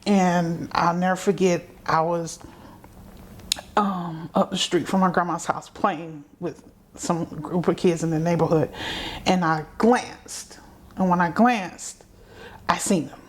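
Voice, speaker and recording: A woman's voice: fairly low pitch, steady tone, slow, husky. A middle-aged woman from South Carolina, a guest telling her story in a conversational way, acting out the voices she remembers. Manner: vivid, acts out remembered voices.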